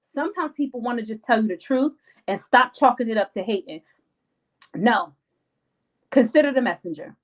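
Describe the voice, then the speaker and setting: A woman's voice: fairly high pitch, expressive, normal speed, long pauses, poor audio. A young adult woman hosting a live stream, giving casual life advice in an emphatic, slangy, repetitive way and acting out her friends' lines.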